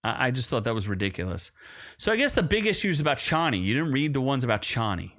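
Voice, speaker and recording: A young man co-hosting a movie podcast, talking loosely and rambling. He often stops and restarts sentences, and gets more animated when a point excites him. His voice sits at an ordinary middle pitch. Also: fast. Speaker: podcast co-host. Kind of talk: casual movie review chat.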